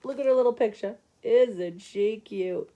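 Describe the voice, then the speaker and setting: A woman's voice: a little high, unhurried, mellow, highs cut off. A woman reading a picture book aloud to listeners, chatty and laughing often between the lines.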